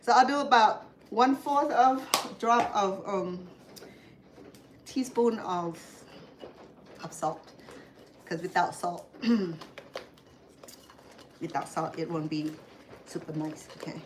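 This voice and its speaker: A woman from Cambodia gives a relaxed cooking demonstration at home, speaking slowly with long pauses in a medium-pitched voice. Her talk rambles, full of fillers and restarts. The background is noisy, with dishes, pots and pans clattering clearly.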